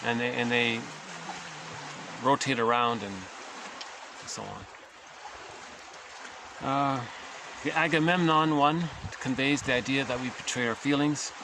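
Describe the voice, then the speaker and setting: A man's voice: mid-range voice, a little slow, long pauses, background noise. A man casually explaining psychoanalytic ideas, conversational and often checking in with his listeners. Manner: conversational, self-correcting, checks in with "right?". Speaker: teacher.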